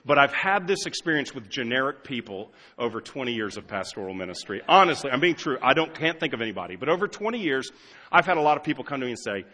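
A middle-aged American man preaching a sermon as pastor, moving from quiet asides to loud emphatic lines. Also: mid-range voice, big pitch swings, fast, slightly rough, long reverb tail. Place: church sanctuary.

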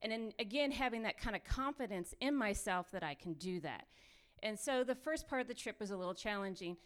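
A woman telling her own mission trip story with lively, run-on phrasing, laughing often as she goes. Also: medium pitch, brisk. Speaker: missionary sharing testimony. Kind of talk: animated personal storytelling.

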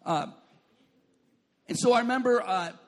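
In a very high voice and a little slowly, a man preaches a sermon full of jokes and stories. He often says "like" and makes asides asking the congregation to respond.

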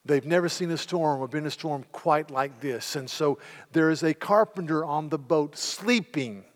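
A man's voice: a little high, moderate pace. A middle-aged man preaching a sermon in a church sanctuary, telling the story vividly and slipping into the voices of the people in it. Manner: animated storytelling, retelling scenes in character voices. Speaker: pastor. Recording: long hall reverb.

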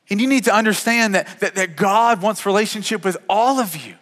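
A man's voice: high voice, brisk, few pauses, fairly bright tone, in a large hall. A man in his thirties preaching a sermon as a pastor, earnest and often repeating words as he talks.

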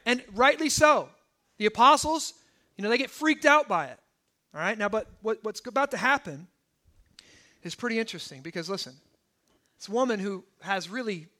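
Male pastor, sermon delivery, very high pitched and bright, chatty with constant tag questions. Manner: conversational, peppers points with "right?" and "okay?".

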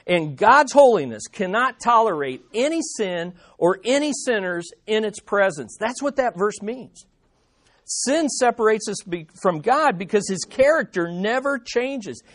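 A male pastor with a high voice delivers a sermon with very animated pitch, emphatically repeating key lines. He slows down on the key statements.

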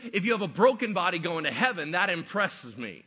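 A preacher voicing an earnest, firm Jesus. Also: male voice, sits high, very animated, brisk, slightly rough, dull audio, voice pushed up, full character voice. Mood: insistent. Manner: forceful, insistent preaching.

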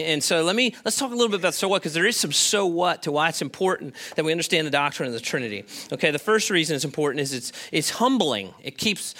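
A man's voice: on the high side, pushed and bright. A man preaching a sermon in a church, chatty and conversational, often checking in with the congregation. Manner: conversational, checks in with "okay?" and "all right?". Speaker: pastor. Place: church sanctuary.

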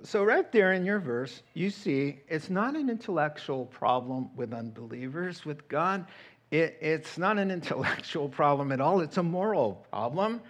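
A middle-aged man preaching a sermon as pastor, animated and acting out quoted voices. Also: a little high, normal speed.

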